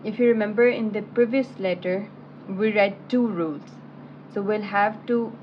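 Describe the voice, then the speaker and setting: A woman teaching a lesson, patiently explaining letter sounds and then reciting the syllables aloud one by one. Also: mid-range voice. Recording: dull lo-fi audio with faint background hiss.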